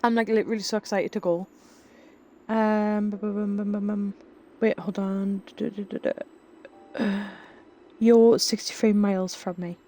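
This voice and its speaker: A woman's voice: medium pitch, level tone, a little slow, long pauses, dark tone. A woman in her twenties with a Geordie accent, chatting casually as a livestreamer and reading viewer messages aloud with lots of "like" and giggles. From North East England. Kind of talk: casual chat while reading live chat.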